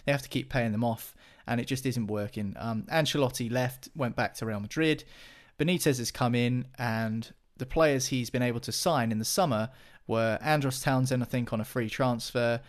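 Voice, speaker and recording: A man's voice: medium pitch, normal speed, hardly any pauses. Male football pundit, casual chatter full of fillers, mid-range voice. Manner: chatty, many restarts and fillers.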